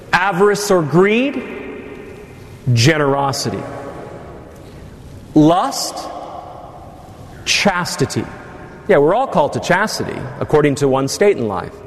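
A male priest giving a sermon to his congregation, with teasing asides. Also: fairly high pitch. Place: church. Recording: long church reverb.

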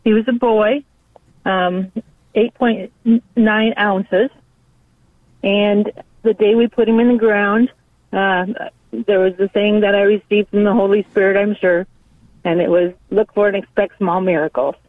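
A woman from South Dakota calling in to a radio show, telling her story plainly with pauses and ums over the phone. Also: mid-range voice, steady tone, no echo. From South Dakota, USA. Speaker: caller. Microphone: telephone. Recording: tinny dry phone line.

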